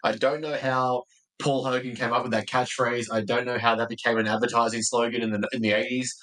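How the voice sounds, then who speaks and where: A man's voice: mid-range voice, level tone, fairly quick, fairly bright tone, low-quality recording. A man with an Australian accent, a podcast guest, chatting casually and telling stories in a wry way. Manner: wry, storytelling.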